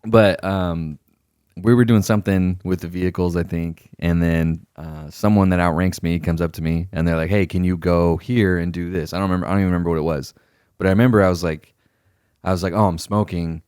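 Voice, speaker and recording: Young male podcast co-host, very deep voice, rapid delivery, animated storyteller who curses freely. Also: clear, resonant tone, no room sound, clean studio sound. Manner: animated storyteller, swears freely, acts out quoted superiors. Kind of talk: casual chat, storytelling.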